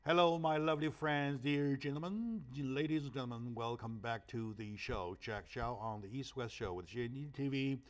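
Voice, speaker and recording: A man's voice: mid-range voice, moderate pace, few pauses. A man whose first language is Chinese hosting a talk show, emphatic and fond of rhetorical questions with a tag "right?". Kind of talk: animated interview talk.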